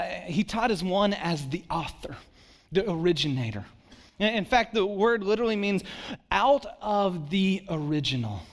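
Addressing a church congregation, a male pastor keeps his sermon conversational. He dramatizes quotes and lowers his voice to a quiet hush when he wants to drive something home.

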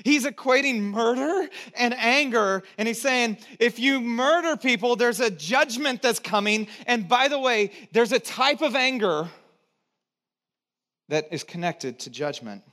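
High-voiced pastor preaching to his congregation. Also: lively intonation, a little slow. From United States. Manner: conversational preacher, asks the congregation to repeat words, joking asides; swings between loud emphatic lines and low quiet ones. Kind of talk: sermon.

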